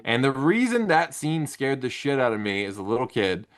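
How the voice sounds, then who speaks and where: A man hosting a casual panel chat, telling stories in an animated, profane way. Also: medium pitch, normal speed.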